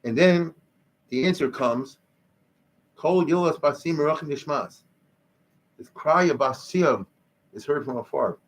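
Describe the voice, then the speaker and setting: A male rabbi teaching Jewish history in a lively, conversational lecture, explaining Hebrew terms as he goes. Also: on the high side, unhurried, pauses often.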